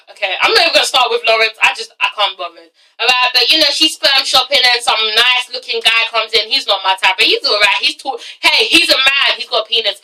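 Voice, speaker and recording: A woman's voice: fairly high pitch, brisk, sharp tone, recorded from a distance, rough recording. Sassy teenage English woman ranting. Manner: sassy, swears a lot, keeps asking "okay?". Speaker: vlogger reviewing reality TV. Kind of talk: casual rant review.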